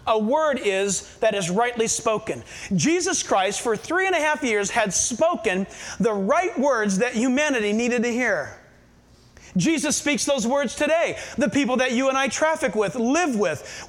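A man's voice: very high-pitched, fairly bright tone. A middle-aged man, preaching a sermon and asking the congregation questions. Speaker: pastor.

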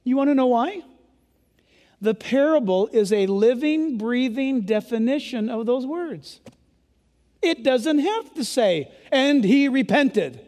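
A male pastor delivers an emphatic sermon in a very high voice, sometimes raising it to a yell. His words ring out with the long reverb of a large church sanctuary during a service. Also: expressive, slow pace. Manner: emphatic preaching, yelling at times.

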